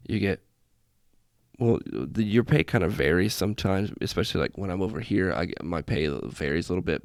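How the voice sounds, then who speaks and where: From a small, festively lit room, a man who is an airman hosts a casual solo podcast, rambling, teasing himself, and following tangent after tangent. His voice is low and creaky. He uses a desk setup in front of a laptop, and the sound is clean studio quality with no echo.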